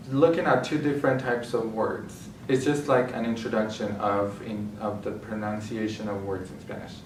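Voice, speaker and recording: A male Spanish teacher giving a slow, explanatory lecture with frequent restarts. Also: mid-range voice, a little hiss or hum. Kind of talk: classroom-style lecture. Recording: roomy and distant with faint ambience.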